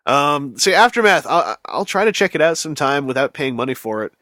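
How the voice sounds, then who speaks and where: A man's voice: a little high, sing-song, brisk, sharp tone, no room sound. A man hosting a casual podcast chat, rambling and self-mocking with dry sarcasm. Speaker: podcast host.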